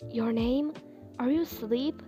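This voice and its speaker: A woman voicing a shy, gentle young man, talking softly and jumping to high startled squeaks when flustered. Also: measured pace, music in the background, lightly acted. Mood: hushed tender. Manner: soft, hushed delivery, rising to startled squeaks.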